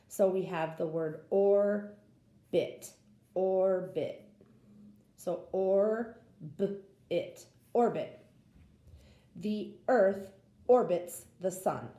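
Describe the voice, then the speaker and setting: A woman teacher walks through a phonics lesson, sounding out each word with care. Her voice is low and mellow, and her pace is unhurried. The recording has a roomy echo around it. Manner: slow, patient sounding-out of words.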